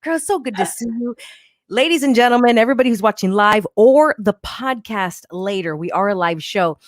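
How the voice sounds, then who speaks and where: A woman's voice: fairly high pitch, animated, brisk, dry recording, clean studio sound. Bubbly chatty woman podcast host. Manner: bubbly, chatty, playful slang. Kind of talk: live podcast interview.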